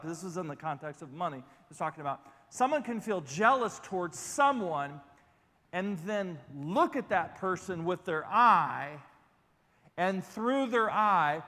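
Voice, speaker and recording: Guy pastor preaching, animated and chatty, talks right to the crowd, big echoey church sound. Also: sits high. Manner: animated, talks straight to listeners with asides. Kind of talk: conversational sermon.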